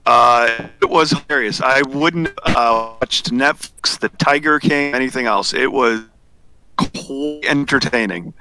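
A man's voice: mid-range voice, a little slow, sharp tone. A man in casual chat before a tabletop game, telling stories and laughing between bits. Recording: noisy video call line.

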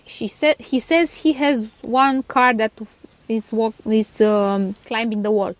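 A woman's voice: on the high side, fairly even intonation, takes it slowly, no room sound. A woman with a Romanian accent, a toy channel host, chatting casually as she reads out viewer comments with little laughs and stumbles over names.

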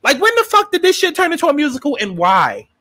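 A man recaps a TV episode in a high, bright voice that swoops up and down with dramatic, sassy energy. He swears freely and acts out his own reactions in a dry, close sound. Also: wildly swooping pitch, fast, no room sound. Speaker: TV episode reviewer. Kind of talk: casual profane recap and review.

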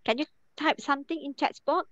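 Lady teacher on a video call, kinda high voice, patient, spells stuff out slow, dull dry lo-fi sound. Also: fairly bright tone, no echo. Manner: patient, repeats questions, spells out syllables slowly. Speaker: language teacher. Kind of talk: online class instruction.

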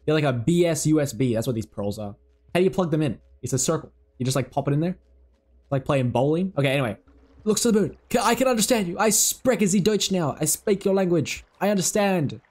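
A young man giving excitable, swearing gameplay commentary while he plays, talking to himself. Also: a little high, brisk. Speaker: gaming video creator.

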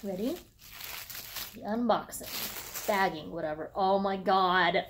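A woman filming a casual unboxing vlog, gushing with excitement and swearing casually as she shows off what she got. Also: mid-range voice, slow, very noisy. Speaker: vlogger.

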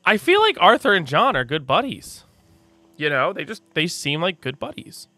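A man hosting a let's play, commenting on the game in an excitable, joking way. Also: sits high, normal speed. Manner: excitable, joking, often laughing. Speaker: gaming channel host.

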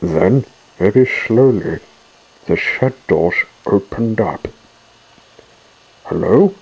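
Slow-reading male storyteller. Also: lowish voice, animated, darkish tone, slightly rough, rough recording. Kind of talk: children's story narration.

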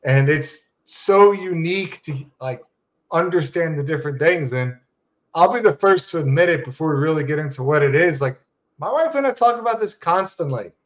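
Chatty male podcast host, fairly high voice. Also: animated, normal speed. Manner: conversational, chatty, rambling asides. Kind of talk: casual interview chat.

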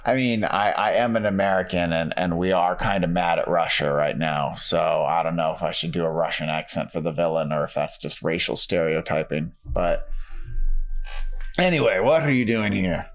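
A man's voice: deep voice, steady tone, moderate pace, few pauses. A man casually chatting and joking while playing a game on a live stream.

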